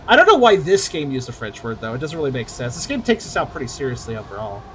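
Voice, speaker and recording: A man's voice: medium pitch, wildly swooping pitch, fast talker, slight background noise. A man giving casual, chatty let's-play commentary, swearing and joking as he plays. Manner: chatty, swears, laughs easily. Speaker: gamer.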